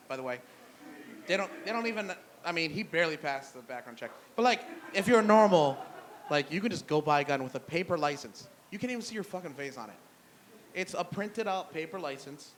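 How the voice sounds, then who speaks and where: Profane young man doing stand-up. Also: fairly bright tone. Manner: profane, conversational, drops low for punchlines. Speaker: stand-up comedian. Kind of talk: stand-up storytelling. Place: brewery stage before a live audience.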